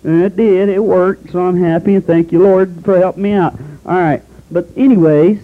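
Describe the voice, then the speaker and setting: A man's voice: sits high, steady tone, normal speed, phone-quality sound. A man with a Southern American accent preaching a sermon in a folksy way, calling his listeners honey and firing off rhetorical questions.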